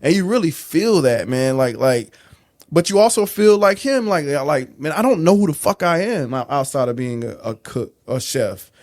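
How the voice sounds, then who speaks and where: A man co-hosting a podcast, reviewing a TV show in casual, profane chat with many restarts. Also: a little high. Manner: animated, profane, halting restarts. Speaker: podcast co-host.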